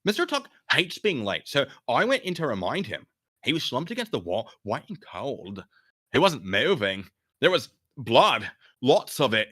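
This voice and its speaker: A man voicing a shaken, confused young male secretary, telling what happened in a high, strained, halting way. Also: wildly swooping pitch, pushed and bright, heavily acted.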